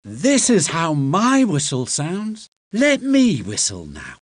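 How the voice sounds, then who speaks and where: A man's voice: a little high, wildly swooping pitch, takes it slowly, no echo, full character voice. A man voicing a cheeky, playful young male engine in a children's game.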